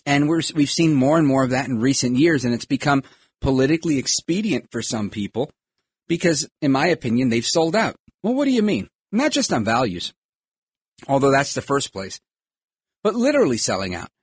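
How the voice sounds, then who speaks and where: A man's voice: medium pitch, sing-song, a little fast, husky, no echo. A man hosting a podcast, giving emphatic political commentary and acting out quoted voices. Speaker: podcast host.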